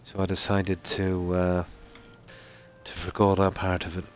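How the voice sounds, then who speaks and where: Low-voiced man streaming a game. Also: monotone, a little hiss or hum. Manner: rambling and easygoing, with many "you know"s and pauses. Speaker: streamer playing a survival game. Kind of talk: casual live-stream commentary. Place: room at home at night.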